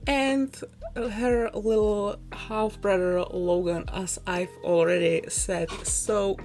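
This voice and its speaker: A young woman chatting through a voice-over, a little out of breath and quick to laugh as she rambles through a story. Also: medium pitch, fairly even intonation. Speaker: YouTuber. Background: soft background music.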